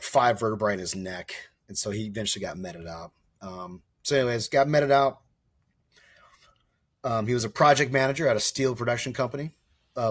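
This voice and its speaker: A man's voice: medium pitch, dry recording, clean studio sound. A man of about forty telling his story as a podcast guest. He rambles, keeps correcting himself and acts out the dialogue. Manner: casual and profane, acts out quoted dialogue. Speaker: podcast guest, former soldier and wildland firefighter. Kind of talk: casual storytelling interview.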